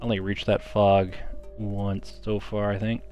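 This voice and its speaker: A man's voice: lowish voice, little pitch movement, measured pace, darkish tone, lo-fi sound, faint music behind. A man giving casual let's-play commentary, muttering his menu choices half to himself. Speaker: gaming commentator.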